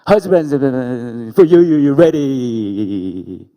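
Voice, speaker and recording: A man's voice: mid-range voice, expressive, slow, warm tone, pitched above the performer's own voice. A man voicing God appearing in a dream, who stammers and repeats words, in a reverberant worship hall. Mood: booming. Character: stuttering booming male God in a dream.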